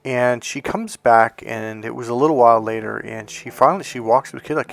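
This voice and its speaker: A man's voice: mid-range voice, brisk, gravelly, hardly any pauses. A man who works as a relationship coach, telling a story in a rambling, casual monologue with folksy asides.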